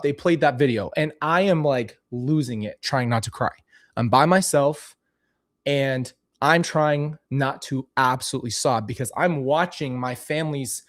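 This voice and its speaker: A man talking casually and candidly to camera as a vlogger, commenting on old clips of himself with frequent restarts. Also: medium pitch.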